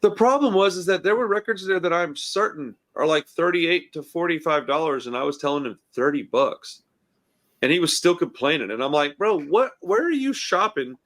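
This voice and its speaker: A man who runs a record store, telling a story on a casual podcast in an animated, profane way, with lots of "I was like.". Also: fairly high pitch, fairly quick.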